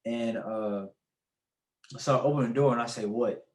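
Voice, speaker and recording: A young man, a podcast guest, telling a personal story in a relaxed, lively way, laughing often as he goes. His voice sits at a middle pitch for a man. The recording carries a noticeable room echo. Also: normal speed. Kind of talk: casual storytelling.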